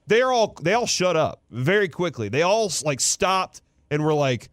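A man hosting a sports radio show in a studio, pausing on "uh" fillers and turning animated as he retells a story. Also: on the high side, dry recording. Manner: halting, many "uh" fillers, animated when retelling. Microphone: studio microphone.

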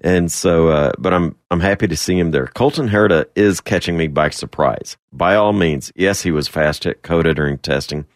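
A man with a low, deep voice co-hosts a sports radio show, trading jokes and firm opinions. The sound is dry and close-miked, with no room echo. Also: normal speed, hardly any pauses. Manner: joking, opinionated commentary. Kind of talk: casual sports radio chat.

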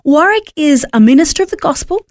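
Lively, encouraging woman host. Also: high-pitched, brisk, no room sound, studio quality. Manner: encouraging, gushing praise. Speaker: radio host. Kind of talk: faith radio interview.

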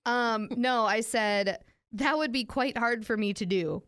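A woman's voice: fairly high pitch, unhurried, a bit bright, smooth. A young adult woman and radio host, chatting casually and telling a story, giggly as she reads out messages. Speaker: radio personality and podcast co-host. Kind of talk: casual chat.

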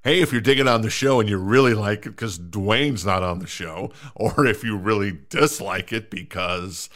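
A middle-aged man with a fairly low voice chats loosely through a solo podcast. He wanders off track, stumbles over words and pokes fun at himself as he goes. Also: normal speed, fairly bright tone. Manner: rambling, self-mocking, many fillers and restarts. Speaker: podcast host. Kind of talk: casual solo podcast chat.

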